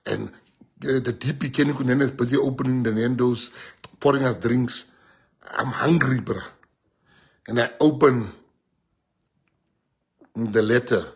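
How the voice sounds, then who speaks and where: A husky-voiced South African man addresses his supporters as their party leader, his pitch sitting in an ordinary middle range. He delivers an impassioned rally speech that swings between loud, animated exhortation and quiet, confiding storytelling. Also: unhurried, long pauses. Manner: animated, switches between shouting and hushed storytelling.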